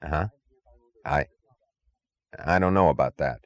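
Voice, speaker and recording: A man's voice: sits low, very animated, measured pace, vocal fry, no room sound, exaggerated voice. A man reading an audiobook, voicing a frightened male guard who stammers and pleads in a whine. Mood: pleading, panicky.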